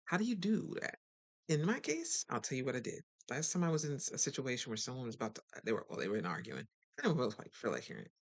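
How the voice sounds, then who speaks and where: Chatty and direct, this host addresses the audience in a relaxed motivational talk. Delivery is animated and conversational at a middle pitch, with sudden shifts into acting out other people.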